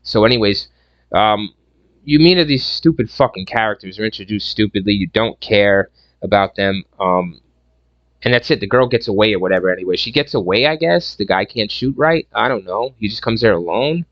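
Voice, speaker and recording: A man with a fairly low voice rambles through a sarcastic movie rant, swearing often and restarting his sentences. The recording is dry and close, with a dull, lo-fi sound. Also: animated, normal speed, fairly bright tone, no echo. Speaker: movie reviewer. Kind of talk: casual ranting movie review.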